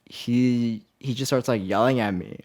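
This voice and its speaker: A man's voice: medium pitch, a little slow, a little mellow. A young man co-hosting a podcast, telling a story in a casual chat with lots of laughs and casual swearing. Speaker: podcast co-host.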